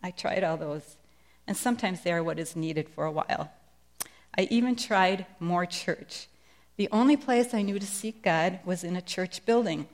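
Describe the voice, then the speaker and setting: A woman's voice: lowish voice, normal speed. A middle-aged woman sharing a Christian testimony in a sermon, speaking with earnest, emphatic conviction. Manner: earnest, emphatic preaching delivery.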